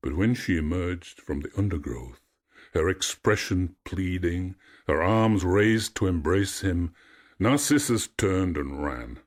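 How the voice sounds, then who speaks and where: A man narrating a myth in a measured, expressive storytelling voice. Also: deep voice.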